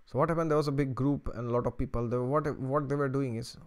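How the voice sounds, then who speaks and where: A man's voice: medium pitch, steady tone, fast talker, clear, resonant tone. A man hosts an astrology channel and talks straight to his viewers in a loose, chatty way. His voice sits in a middle register, and he often breaks into little chuckles as he tells a story. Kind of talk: casual storytelling to camera.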